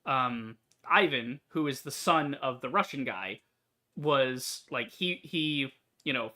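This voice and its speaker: A young man chats over his gameplay in a bright, forward voice, wandering from topic to topic. He pads his talk with fillers and restarts, the relaxed, meandering manner of a gaming YouTuber. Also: mid-range voice. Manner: rambling, talkative, many fillers and restarts. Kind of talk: casual gameplay commentary.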